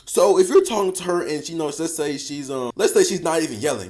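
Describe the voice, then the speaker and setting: Give me a male dating coach with a slightly high voice, talking slangy, emphatic, and profane. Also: lively intonation, a little fast, a little mellow. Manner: repeats phrases and addresses listener as bro. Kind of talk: casual advice monologue.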